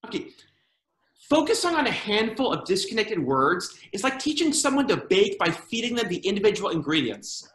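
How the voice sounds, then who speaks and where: A man performing a stand-up comedy routine, with lively delivery and funny voices for quoted people. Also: high-pitched, moderate pace. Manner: animated joke-telling with funny put-on quoted voices. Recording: roomy echo.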